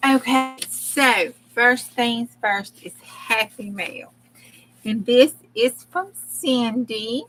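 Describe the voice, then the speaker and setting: A woman's voice: a little high, extremely slow, a bit bright, soft background music. A woman hosting a casual crafting live stream, effusive and chatty, laughing often and close to tears.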